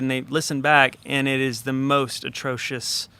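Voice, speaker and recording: Bright, clear-voiced man telling a story. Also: mid-range voice, a little fast, hardly any pauses, no echo. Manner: animated, chatty storyteller with many fillers. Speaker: record producer guest. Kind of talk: casual storytelling in a podcast interview.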